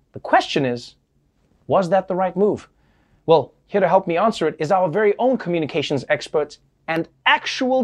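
A man hosts a comedy news segment with a slightly high voice, talking in lively bursts and sometimes tripping over his words. The banter is scripted. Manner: animated, flustered, stammering in bits. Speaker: late-night comedy news host.

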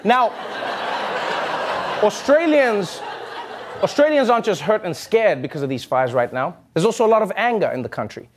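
High-voiced man hosting a comedy show. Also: big pitch swings, fast talker, hardly any pauses, a little hiss or hum. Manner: joking, laughing between punchlines. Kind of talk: scripted comedic commentary.

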